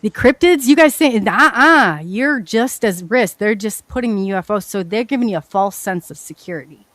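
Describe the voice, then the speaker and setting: A woman guest telling her story in a casual, animated, rambling way, often restarting her sentences. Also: medium pitch, fast talker, dry recording. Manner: animated, rambling, frequent restarts and self-corrections.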